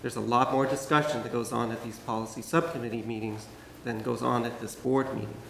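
A man on a school board objects at a public meeting in a firm, measured way. His voice is gravelly and full of fry. The room around him is echoey. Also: mid-range voice, steady tone, fairly bright tone, a little hiss or hum.

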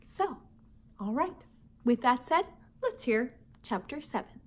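A woman from Minnesota with a Minnesota accent, a teacher reading a children's book aloud to her students in a friendly, expressive way. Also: sits high, slow pace. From Minnesota, United States. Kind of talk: children's read-aloud storytelling.

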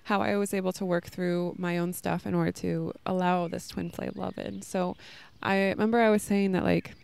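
A podcast host in her thirties talks casually and earnestly about love and self-worth, rambling with lots of fillers in this casual spiritual talk recorded outdoors in a park, where children play nearby. Her voice is lowish, level and a little mellow, clear and resonant, with vocal fry, at a moderate pace.

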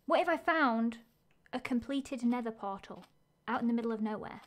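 A woman live-streaming a game, narrating her own moves with excitable energy. Her voice sits high and bright in pitch. She thinks out loud constantly, reacting to each twist as it comes. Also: normal speed.

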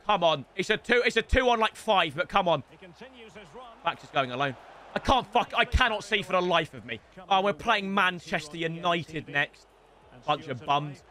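Young guy yelling at his football game, high voice, bright and sharp. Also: moderate pace. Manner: animated, swears and yells at the game. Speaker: gaming YouTuber. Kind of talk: excitable gaming commentary.

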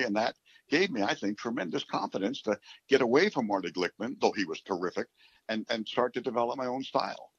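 A man in his seventies from New York City, a radio play-by-play announcer, telling rambling, animated stories in a casual interview. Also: medium pitch, fairly quick, gravelly, breathy edge, no echo. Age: 70s. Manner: animated, rambling storyteller who acts out quotes. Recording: dull, dry recording.

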